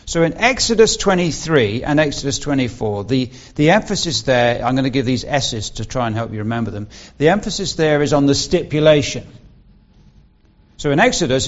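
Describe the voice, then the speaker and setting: A man preaching an expository sermon, patiently walking listeners through each point. His voice sits at an ordinary middle pitch and climbs whenever he stresses a key word. The recording is dull and lo-fi. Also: animated, fairly quick. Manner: earnest, explanatory, rises and stresses key words. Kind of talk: expository Bible teaching sermon.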